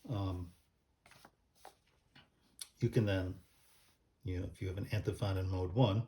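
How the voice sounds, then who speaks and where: A man's voice: deep voice, steady tone, unhurried, mellow. A man explaining church music casually, thinking aloud with many ums and restarts as he pages through a book.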